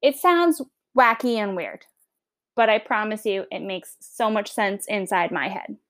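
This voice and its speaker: A woman's voice: medium pitch, unhurried, a bit bright. A woman with a Long Island accent, a history teacher giving a chatty, upbeat podcast self-introduction. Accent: Long Island New York. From New York.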